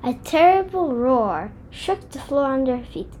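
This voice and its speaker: A woman reading a children's book aloud in an expressive, deliberate way. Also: high-pitched, slight background noise. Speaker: storybook reader.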